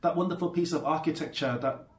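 A man's voice: a little high, fast talker. A man appearing as a guest on a casual chat show, telling rambling anecdotes. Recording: echoey room.

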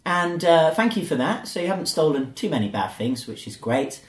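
A male podcast host keeps the chat moving with playful, teasing banter. His voice sits a bit high and swings widely in pitch. The room around him rings with echo. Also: very animated, fairly quick. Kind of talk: casual chat. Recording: echoey room.

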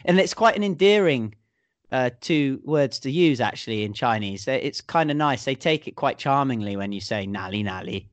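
A man's voice: medium pitch, animated, normal speed, no room sound. Guy on a podcast, jokey, lots of ums and uhs. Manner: chatty, jokey, hesitant fillers. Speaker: podcast co-host. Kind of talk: casual chat.

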